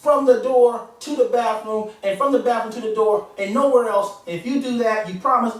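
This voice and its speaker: A man's voice: very high-pitched, normal speed, voice pushed down. A man voicing a firm, fed-up mother laying down strict rules. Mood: stern. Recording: echoey room from far off.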